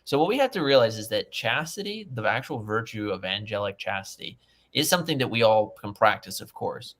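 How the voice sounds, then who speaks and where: A man's voice: lowish voice, expressive, a little fast, fairly bright tone. An earnest man speaks as a guest in a casual panel chat. He explains his points eagerly and often restarts his sentences partway through. He is on a video call. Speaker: podcast guest.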